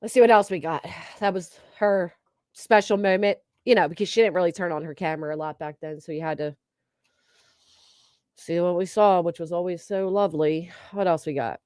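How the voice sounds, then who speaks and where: A woman's voice: lowish voice, fairly even intonation, a little fast, a little mellow, clear, resonant tone, no room sound, clean studio sound. A woman giving casual reaction commentary on a stream, mocking and sarcastic, swearing freely.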